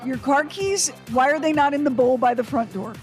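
A woman's voice: high-pitched, moderate pace, music in the background. A woman co-hosting a radio show, teasing and playful in casual banter.

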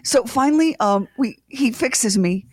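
A middle-aged woman co-hosting a morning radio show, telling a family story in a lively way and acting out everyone's lines. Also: fairly high pitch, measured pace, slightly rough, no echo, clean studio sound.

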